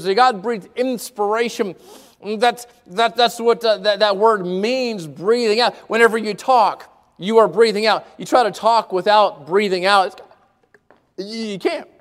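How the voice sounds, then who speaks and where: A man preaching a sermon, emphatic, repeating key words and swinging between fast and slow delivery. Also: high voice.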